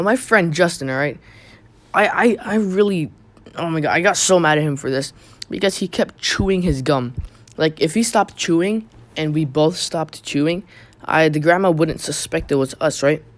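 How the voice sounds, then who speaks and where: A man's voice: on the high side, fairly bright tone, no room sound. A young man casually telling a personal story on his channel, rambling with many fillers and restarts. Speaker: YouTube storyteller.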